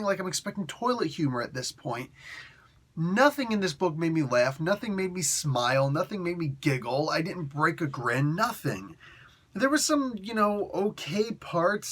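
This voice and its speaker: A man's voice: on the high side, a bit bright. A man giving a blunt, exasperated comic book review, rambling with restarts and asides. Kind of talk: casual spoken review.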